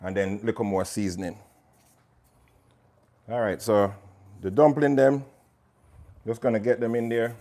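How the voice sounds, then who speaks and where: He speaks a little slowly with frequent pauses, his low, mellow voice fairly even in intonation. The man is a chef running an informal cooking livestream, addressing viewers by name as he cooks and promoting his cookbook.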